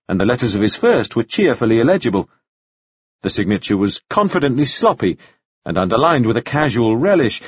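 A male narrator reads a novel in a measured, expressive way. His voice is husky, with a lively pitch. The recording is dry and sounds a little dull. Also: dry recording. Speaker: audiobook narrator. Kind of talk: scripted narration.

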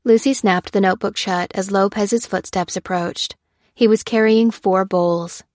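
A woman reads an audiobook in a steady, measured way. Her voice sits at a middle pitch. The sound is close and dry. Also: dry recording. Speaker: audiobook narrator. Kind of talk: scripted narration.

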